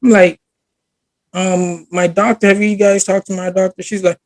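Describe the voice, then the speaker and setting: A young man co-hosting a casual podcast chat, telling stories with lively, acted-out quotes. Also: sits high, normal speed, no room sound. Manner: animated storytelling, acts out quoted voices. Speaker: podcast co-host.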